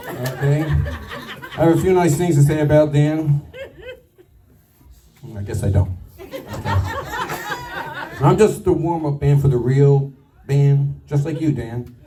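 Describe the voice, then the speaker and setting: Guy roasting a coworker at a party, fairly high voice, heard from back of the room, lots of room noise and laughing. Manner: crude, self-deprecating joking with halting fillers. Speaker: retirement roast speaker. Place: banquet room with a crowd. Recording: distant mic, noisy room. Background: crowd laughter and chatter.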